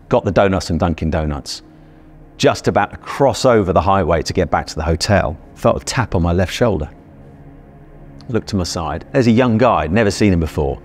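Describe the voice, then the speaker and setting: A man's voice: deep voice, lively intonation, a little fast. A middle-aged British man earnestly telling a vivid personal story and acting out his own past thoughts. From Britain.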